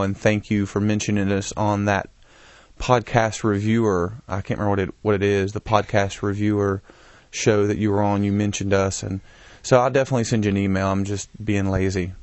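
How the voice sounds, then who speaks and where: A man's voice: on the low side, level tone, moderate pace, no echo. A man co-hosting a casual podcast, telling rambling joking stories. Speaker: podcast co-host. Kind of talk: casual chat.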